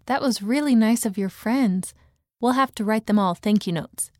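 Lady doing a cheery mom voice, higher up, calling out, dry close sound. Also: normal speed, no room sound, natural voice. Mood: cheerful. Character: cheerful mother calling her son. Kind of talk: storybook reading aloud.

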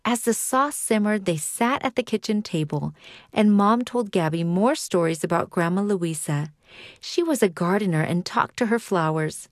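A woman narrating a children's magazine story in a calm, clear way. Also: medium pitch, moderate pace, no echo, studio quality.

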